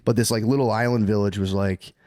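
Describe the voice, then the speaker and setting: A man's voice: lowish voice, steady tone, fast, mellow. A man co-hosting a podcast, telling a history story in casual comedic chat, rambling and profane, laughing often. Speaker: podcast co-host.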